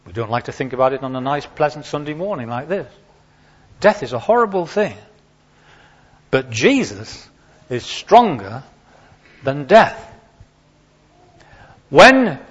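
A man gives a Sunday children's talk in church, speaking into a handheld microphone. His husky voice sits a little high and swoops with lively expression. The recording sounds dull and lo-fi. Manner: animated storyteller who acts out voices and questions the listeners. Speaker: preacher. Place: church during a Sunday service.

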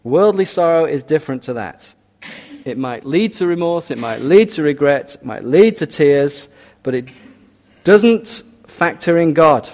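A man preaching a sermon in an earnest, measured way, often asking his listeners rhetorical questions. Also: fairly high pitch, expressive, a little mellow.

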